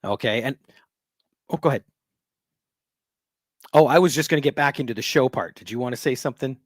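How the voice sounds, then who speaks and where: A man's voice: mid-range voice, fairly quick, no room sound, studio quality. A man hosting a live stream, chatting in a friendly, easygoing way. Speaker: show host. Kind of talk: casual live-stream chat.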